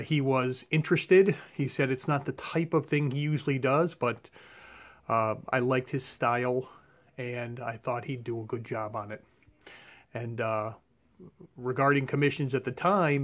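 Casting: everyday man, mid-pitched voice, unpolished home vlog delivery, hesitant and meandering. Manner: rambling, hesitant, lots of fillers and restarts. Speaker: comic art collector. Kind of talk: casual show-and-tell vlog. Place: his own room at home.

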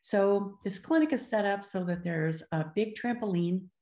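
A woman's voice: medium pitch, normal speed, dark tone. An older woman giving a webinar lecture as a speech-language clinician, talking expressively and slipping into other voices when she quotes children and parents. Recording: roomy echo.

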